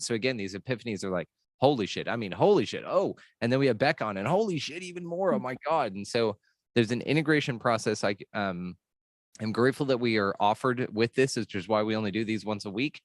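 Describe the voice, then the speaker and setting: A man with an American accent hosts a relaxed spiritual talk, his voice sitting on the low side. He talks in long, earnest, rambling stretches and throws in casual swearing. The recording is dry and close, with no room sound. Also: dry recording. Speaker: podcast host.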